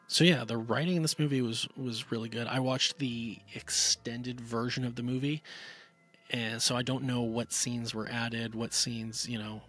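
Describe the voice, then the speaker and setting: A man's voice: mid-range voice, fairly even intonation, normal speed, a bit bright, faint music behind. A man giving a casual, rambling spoken movie review, full of fillers and restarts. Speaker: film reviewer.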